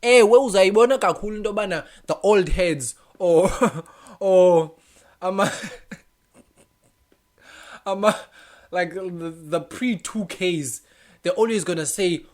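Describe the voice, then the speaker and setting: A young man with a Xhosa South African accent, talking through a casual, animated opinion vlog, often switching languages in mid-sentence and laughing as he goes. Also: high-pitched, moderate pace. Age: young adult. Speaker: vlogger.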